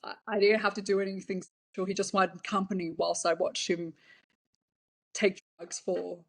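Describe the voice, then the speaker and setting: A woman talking candidly as an interview guest, telling her stories openly. Her voice sits at a middle pitch and her delivery is relaxed and conversational, with hesitant fillers along the way. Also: normal speed, gravelly. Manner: frank, laughs now and then, hesitant fillers. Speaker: interview guest, former cam model.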